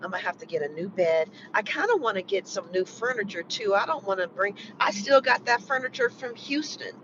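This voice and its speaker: A vlogger in an emotional personal chat, talking in a rambling, halting way, full of "you know" and restarts. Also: medium pitch, lively intonation, noisy background. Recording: muffled lo-fi recording.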